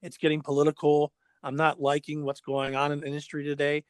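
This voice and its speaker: A middle-aged man, a former pro skateboarder, telling stories in casual chat, animated and repeating words as he goes. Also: on the high side, a little fast, clean tone, no room sound. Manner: animated, acts out quoted dialogue, repeats words.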